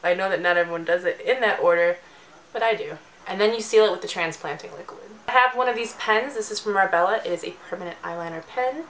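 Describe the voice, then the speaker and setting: A woman's voice: fairly low pitch, fast, fairly bright tone, slight background noise, rough recording. A young woman giving a chatty, jokey makeup tutorial as a beauty vlogger.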